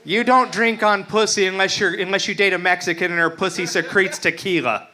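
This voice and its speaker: A man's voice: sits high, steady tone, fairly quick, pushed and bright. A man from Utah doing a profane, brash stand-up comedy set at an open mic. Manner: crude, profane, brash joking. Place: open mic stage before a live crowd.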